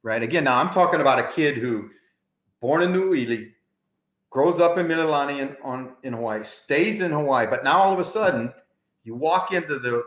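A man hosting a casual sports interview, an animated storyteller who swears his stories are true. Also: medium pitch, moderate pace. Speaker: podcast host. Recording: roomy echo.

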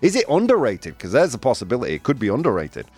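A male radio host doing live banter, energetic and chatty, laughing often and a bit out of breath. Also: medium pitch, quick pace, slightly rough, no room sound, faint music behind. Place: radio studio.

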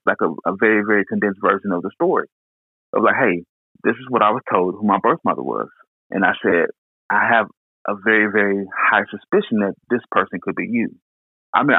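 A young man from Houston, Texas, telling a personal story in an earnest, halting way with many restarts. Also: lowish voice, breathy edge, no room sound. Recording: tinny phone-like line.

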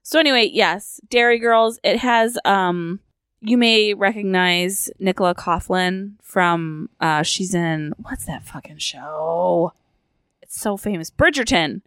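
A woman's voice: fairly low pitch, slow pace, a bit bright, clear, resonant tone, no room sound, studio quality. A woman co-hosting a podcast in casual chat, giggly and teasing. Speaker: podcast co-host.

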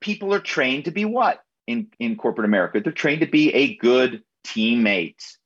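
A man talking as an author and guest in a radio interview, often halting and repeating words as he starts. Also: mid-range voice, lively intonation, a bit bright, husky, lo-fi sound.

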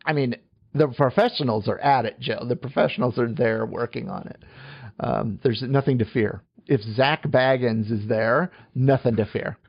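A man co-hosting a casual podcast chat, halting through many fillers and tossing in joking asides. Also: medium pitch, vocal fry, slightly rough, lo-fi sound. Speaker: podcast co-host.

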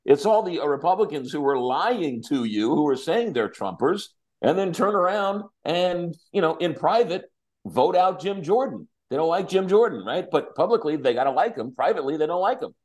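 A man hosting a talk show, chatting about politics in an animated, repetitive, exasperated way. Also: on the high side, moderate pace. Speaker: radio talk host. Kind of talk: casual political chat.

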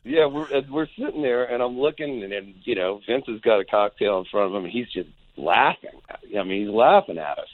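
A low-pitched man calling in over a tinny, dry phone line. He rambles through a story, restarting his sentences and acting out what everyone said. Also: lively intonation, a little fast, no echo. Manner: rambling anecdote with acted quotes. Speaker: guest musician.

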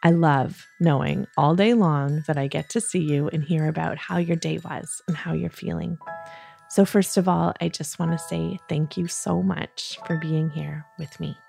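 A woman hosting a children's bedtime podcast, talking in a soft, soothing, gentle way. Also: low voice, steady tone, gravelly, soft background music. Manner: soft, slow, soothing, playfully acts out yawns. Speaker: host of a kids bedtime podcast.

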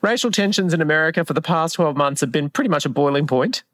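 A man's voice: fairly high pitch, expressive, fast talker, fairly bright tone, no echo, studio quality. A man co-hosting a casual pop culture chat, wry and reflective as he muses on celebrities. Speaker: podcast co-host.

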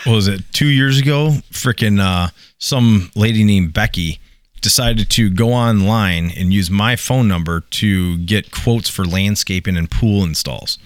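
A man's voice: on the low side, a little slow, clear, resonant tone, no echo. A man telling a long casual story on a podcast, swearing freely and acting out the other people in it.

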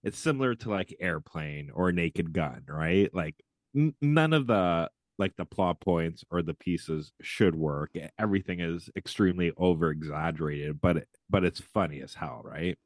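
A man's voice: deep voice, lively intonation, normal speed, no echo, studio quality. A man from Canada co-hosting a casual podcast, blunt and profane, laughing easily. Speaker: podcast co-host. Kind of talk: casual chat.

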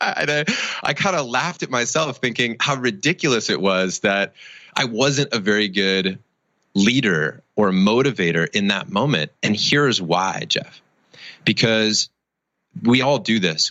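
Middle-aged guy telling a story on a podcast, low voice but jumps around a lot, dry close sound. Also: normal speed, no echo. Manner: animated storyteller acting out quotes. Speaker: guest, charity founder. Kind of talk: storytelling interview answer.

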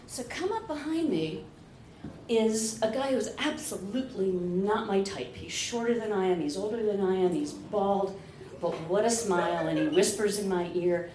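A woman's voice: mid-range voice, expressive, normal speed, a little mellow. Profane laughing woman telling a story on stage. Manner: candid, profane, laughing often. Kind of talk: live personal storytelling. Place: stage under bright lights. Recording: echoey live venue with ambient noise.

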